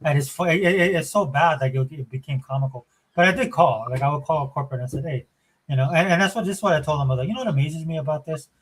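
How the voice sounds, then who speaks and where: Fast-talking, husky middle-aged man chatting. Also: a little high, low-quality recording. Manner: rambling, animated storyteller with many fillers. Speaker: podcast co-host. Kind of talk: casual chat.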